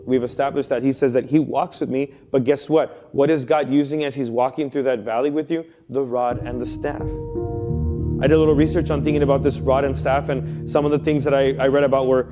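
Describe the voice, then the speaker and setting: A man's voice: medium pitch, fairly even intonation, fairly quick, over music. A young man, a youth pastor, preaching a sermon in a casual, conversational way, telling stories and acting out quotes. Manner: conversational, storytelling with acted quotes.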